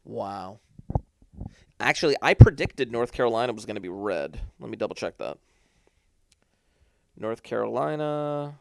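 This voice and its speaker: A man talks his way through election results on a casual live stream. His voice sits at an ordinary middle pitch, and his delivery is chatty and self-deprecating. He often trips over and restarts his sentences while he looks things up. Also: gravelly, darkish tone, dry recording. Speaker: host of live election coverage.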